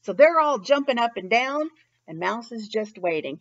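A woman reading a children's picture book aloud, expressive and pausing to ask young listeners questions. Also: fairly high pitch, muffled recording. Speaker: children's story reader. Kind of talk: storytime read-aloud.

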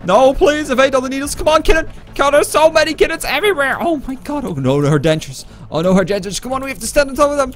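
A man's voice: extremely high pitch, lively intonation, quick pace, few pauses. A man giving gameplay commentary as a YouTuber, panicky and stammering. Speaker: gaming YouTuber.

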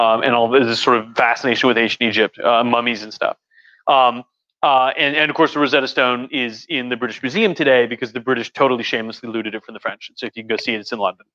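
A man's voice: medium pitch, sharp tone, no echo. A man, a history professor, giving a casual, rambling talk while a bit tipsy, full of fillers, restarts and jokey asides, recorded at home. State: tipsy from drinking. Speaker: history professor live-streaming. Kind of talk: casual lecture chat. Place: home living room with a couch. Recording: dull lo-fi stream audio.

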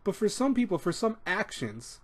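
A man's voice: sits high, sing-song, normal speed. A man hosting an advice talk, speaking casually and rambling, with restarts and little acted-out quotes. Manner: rambling, repeats words, acts out quoted speech. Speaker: advice show host.

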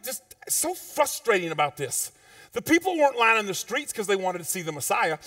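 A man preaching a sermon as pastor, in a conversational, informal way with slang, swinging between loud emphatic peaks and low quiet asides. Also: dry recording, studio quality, recorded from a distance. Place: church sanctuary.

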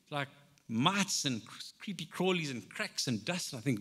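A male pastor delivers his sermon in an easy, conversational manner, now rising and pressing, now dropping almost to a hush. His voice sits a little high for a man. The hall around him adds a long, lingering reverb. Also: expressive, normal speed, slightly rough. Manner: conversational preaching, swings between loud and soft. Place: church hall.

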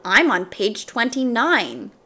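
A woman's voice: fairly high pitch, big pitch swings, slow pace, bright, forceful tone, heavily acted. Lady voicing a bratty storybook girl, bossy and teasing. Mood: taunting. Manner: taunting, demanding. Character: pushy, bossy girl classmate.

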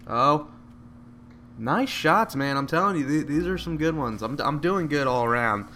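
A man giving live, joking commentary over a video game, with excited outbursts at each shot. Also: a little high, normal speed, slight background noise. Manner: excitable, joking, bursts out at shots. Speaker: gameplay commentator.

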